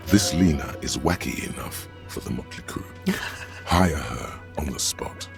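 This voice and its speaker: A man's voice: extremely low pitch, measured pace, creaky, over music, full character voice. A man voicing the wry, grave inner voice that narrates a game hero's thoughts. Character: deep inner voice narrating the detective's mind.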